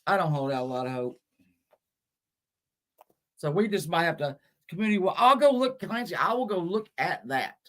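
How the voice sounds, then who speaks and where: A woman hosting a casual livestream with a lively, swooping voice. She talks in a scattered, chatty way to her viewers. She curses often and mocks herself. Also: on the low side, moderate pace, pauses often. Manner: scattered, chatty, cursing, self-mocking. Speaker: livestream host.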